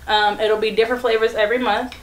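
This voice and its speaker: A woman's voice: on the high side, level tone, fast talker. Chatty woman host in an echoey room. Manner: laughing, chatty promo talk. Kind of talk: casual chat while eating. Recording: echoey room with faint noise.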